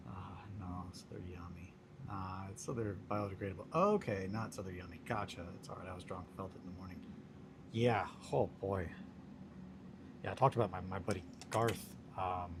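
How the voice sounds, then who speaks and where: Laid-back low-voiced man chatting on stream. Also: background noise. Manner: laid-back, joking, reads chat aloud. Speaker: streamer chatting with viewers while crafting. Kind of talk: casual livestream chat.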